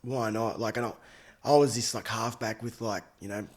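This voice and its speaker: A man's voice: on the low side, fairly even intonation, brisk. An Australian man in his thirties, a podcast guest telling stories in casual, slangy chat and laughing often. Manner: laid-back storytelling, slangy, laughs often. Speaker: podcast guest, former rugby league player.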